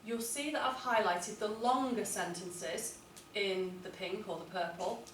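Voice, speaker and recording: A woman teaching a writing lesson to a class, clear and deliberate, stressing words as she reads model texts aloud. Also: mid-range voice, fairly bright tone, slight background noise. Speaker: English teacher. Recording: echoey classroom, from a distance.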